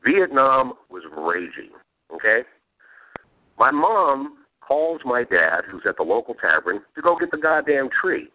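A man's voice: mid-range voice, very animated, unhurried. A man hosts a podcast and spins rowdy, profane family tales, chuckling as he goes. His voice rises and falls with lots of movement. Everything comes through a thin, phone-like channel. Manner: profane, laughing while telling stories. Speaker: podcast host. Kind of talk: casual storytelling chat. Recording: phone-like narrow sound.

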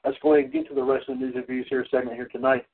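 A man hosting a wrestling call-in podcast, rambling with many restarts and repeated "ladies and gentlemen". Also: medium pitch, flat delivery, racing. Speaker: podcast host. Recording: tinny phone-line audio.

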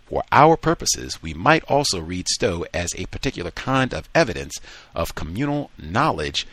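A man hosting a call-in talk show, reading a passage aloud and then chatting in relaxed asides. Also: deep voice, slightly rough, no room sound. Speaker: radio talk show host.

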